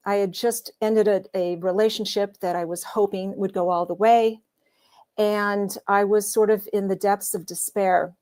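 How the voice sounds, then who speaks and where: A woman, older than her forties, telling a candid personal story in a conversational way, with many pauses and fillers. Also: medium pitch, a little mellow. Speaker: guest storyteller.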